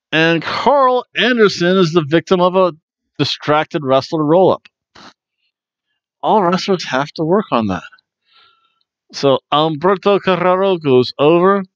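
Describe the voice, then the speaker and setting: Rambling through a casual wrestling recap monologue, a male podcast host with a voice on the high side jokes around, using lots of fillers and restarting often. The recording is muffled but has no echo.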